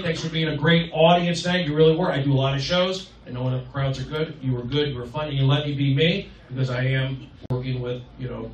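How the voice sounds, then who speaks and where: A man doing a live stand-up set, riffing with the crowd and swinging between loud and soft. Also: fairly high pitch. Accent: Californian. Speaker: stand-up comedian. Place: comedy club stage. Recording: roomy, distant live club recording. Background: loud crowd laughter and noise.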